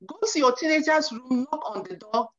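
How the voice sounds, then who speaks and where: Talking to parents with earnest advice, a woman in her forties who counsels youth keeps inserting "you know" and acts out what people say. Her voice sits high and sounds animated, brisk, and fairly bright, though the lo-fi recording is muffled.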